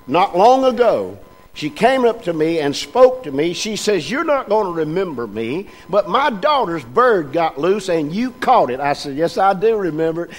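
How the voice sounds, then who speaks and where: An older man preaches in a homespun, storytelling way. His voice sits high for a man and keeps drawing the congregation in with questions. Soft music plays quietly behind him. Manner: folksy, chatty, asks the congregation questions. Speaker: pastor. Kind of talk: folksy storytelling sermon. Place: church sanctuary.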